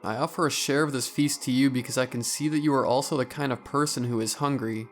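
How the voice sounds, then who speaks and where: A man voicing a huge gluttonous man who preaches endless hunger in a hushed, wheezing, fervent voice. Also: medium pitch, fairly even intonation, quick pace, soft background music, natural voice. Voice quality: wheezing, snarling.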